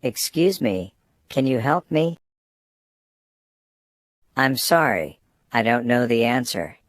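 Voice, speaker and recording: A medium-pitched man reads scripted student phrases for learners, a little slowly and with lively intonation. The sound is dry and close, with no room sound.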